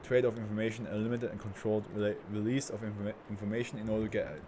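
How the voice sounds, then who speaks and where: A man's voice: on the low side, level tone, racing, mellow, a little hiss or hum. A man reading horror fiction aloud in a casual way, stumbling over words now and then. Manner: reads with stumbles and restarts.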